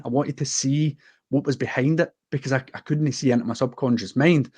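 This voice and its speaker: A man from the west of Scotland, speaking with a Scottish accent, tells a personal story as a podcast guest. His medium-pitched voice is mellow and steady, moving along fairly quickly. He comes across as earnest, heartfelt and unguarded.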